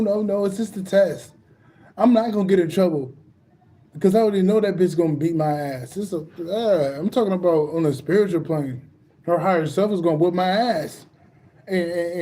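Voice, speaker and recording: A man talking in a rambling, excitable monologue as a spiritual vlogger, swearing freely and often laughing. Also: sits high. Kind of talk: casual monologue.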